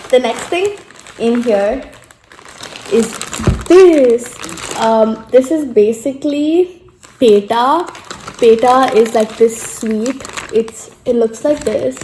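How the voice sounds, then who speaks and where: Slow-talking young woman vlogger. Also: fairly high pitch, warm tone, a little hiss or hum. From India. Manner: chatty, lots of "like" fillers. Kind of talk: casual unboxing chat. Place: room at home, sitting at a table. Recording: echoey room.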